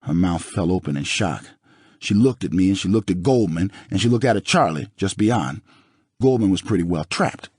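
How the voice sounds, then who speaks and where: Audiobook narrator, male, low husky voice, lively dramatic delivery, dry studio sound. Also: moderate pace, no room sound. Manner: dramatic, expressive reading. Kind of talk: first-person audiobook narration.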